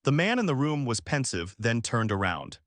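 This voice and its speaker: A man's voice: medium pitch, very animated, normal speed, dry recording, studio quality. A man narrating a comic story recap in a scripted storytelling manner.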